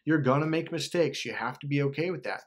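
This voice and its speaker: A man's voice: a little high, quick pace. Intense, cursing man giving life advice. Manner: intense, profane, emphatic. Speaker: motivational speaker. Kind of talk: casual motivational monologue.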